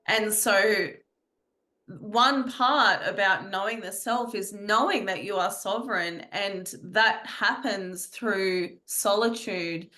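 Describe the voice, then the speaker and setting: A woman's voice: mid-range voice, takes it slowly, sharp tone. A woman guest in an interview, speaking earnestly about her spiritual teachings and often repeating phrases. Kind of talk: reflective conversational interview.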